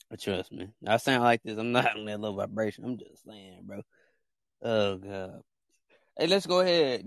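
A man hosting a casual podcast, joking around in animated, slangy banter and repeating himself often. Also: mid-range voice, no room sound, studio quality. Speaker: podcast host.

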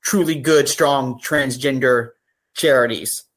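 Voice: mid-range voice, takes it slowly. Earnest podcast co-host in casual chat. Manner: earnest, grows emotional while speaking.

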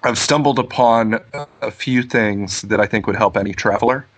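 A man's voice: lowish voice, normal speed, fairly bright tone. A man calling in over a video call as a guest, chatting casually and telling stories with dry, joking humor. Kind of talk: casual chat.

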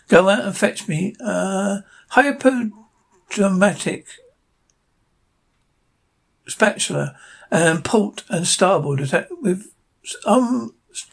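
A fan reader voicing a gruff, older male crab who runs a restaurant, in a cartoon retelling. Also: mid-range voice, heavily acted. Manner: gruff, calls people lad.

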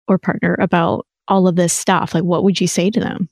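A woman's voice: on the low side, fairly quick, hardly any pauses, dry recording, studio quality. Effusive woman podcast host. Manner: warm, effusive and encouraging. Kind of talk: conversational interview.

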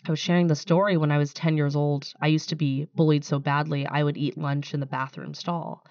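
A woman founder with a low voice tells her story candidly on a podcast, sometimes moved. The sound is dry and slightly dull, like a close, muffled mic with no room around it. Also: flat delivery, brisk, darkish tone, dry recording. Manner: candid, storytelling, emotional at times. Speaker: startup founder and CEO. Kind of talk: podcast interview.

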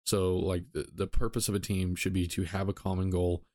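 A man's voice: low voice, little pitch movement, fairly quick, darkish tone, dry recording, clean studio sound. A man hosting a solo podcast, talking casually with frequent ums and self-corrections. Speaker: podcast host.

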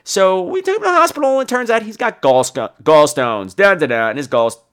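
A man's voice: sits high, expressive, a little fast, fairly bright tone. A man hosting a podcast, telling a profane, theatrical comic story. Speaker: podcast host.

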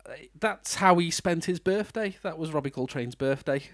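A British podcast host chats about a film in an easygoing review, laughing often and putting on mock voices. His voice sits on the high side, with lively intonation at a normal speed.

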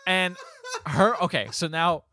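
A man hosting a podcast, retelling a movie plot in a casual, animated way, swearing and laughing as he talks. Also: high voice, unhurried, noisy background. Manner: animated storytelling, swears freely, laughs while talking. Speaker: podcast host.

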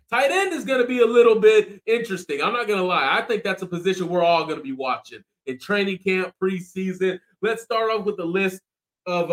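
A man's voice: sits high, a bit bright. A man hosting a casual sports podcast, laid-back and slangy as he runs through the roster. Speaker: podcast host.

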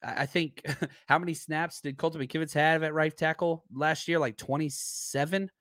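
A man hosting a podcast in a casual, rambling chat, his voice hoarse and worn out. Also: on the high side, steady tone, moderate pace, fairly bright tone, dry recording, clean studio sound. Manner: rambling, chatty, searches aloud for names. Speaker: podcast host. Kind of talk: casual live-stream chat.

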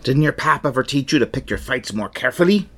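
A man putting on a pirate voice to play a gruff, scheming old pirate captain, quoting him line by line. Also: medium pitch, expressive, fast, a bit bright, voice pushed up.

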